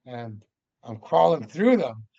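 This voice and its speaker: Gravelly man spinning a lively yarn. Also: medium pitch, slow, no echo. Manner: lively storyteller who acts out scenes. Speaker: podcast guest. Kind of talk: casual storytelling. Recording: dull lo-fi audio.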